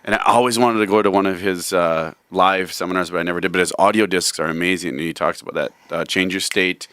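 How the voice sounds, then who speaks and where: Deep-voiced radio host, bright and smooth. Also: male voice, steady tone, fast talker, no echo. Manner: agreeable, chimes in with short replies. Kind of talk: casual chat. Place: radio studio.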